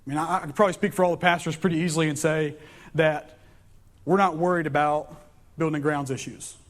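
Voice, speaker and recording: A man's voice: fairly high pitch, steady tone, fast talker. A young man preaching a sermon in a casual, storytelling way, in a church. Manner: casual, storytelling, conversational preaching with frequent restarts. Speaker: pastor. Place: church sanctuary.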